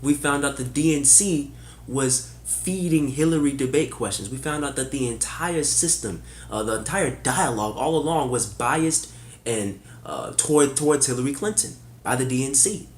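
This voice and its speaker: A man delivers a fired-up political rant in a casual, cussing register, stacking sarcastic rhetorical questions. His voice sits at an ordinary middle pitch but leaps up when he gets loud, then drops to a grumble. The room around him rings with echo. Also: normal speed. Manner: casual, swears, says y'all. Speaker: political commentator. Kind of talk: opinion monologue.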